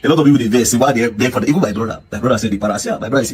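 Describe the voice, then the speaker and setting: Fast-talking Nigerian man pleading in pidgin. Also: medium pitch, lively intonation. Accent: Nigerian Pidgin English. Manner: pleading and emphatic, retelling in pidgin. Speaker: social media commentator. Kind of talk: casual monologue to camera.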